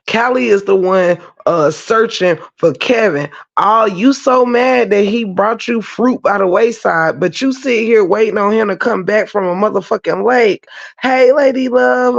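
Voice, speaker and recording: A woman's voice: medium pitch, vocal fry. A woman ranting profanely and rambling in livestream commentary, stopping to greet viewers in the chat. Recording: dull lo-fi stream audio.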